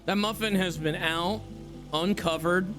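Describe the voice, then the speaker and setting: A man's voice: high voice, unhurried. A man streaming a video game, reacting with casual, crude jokes. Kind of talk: casual let's-play commentary. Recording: stream with loud game music behind.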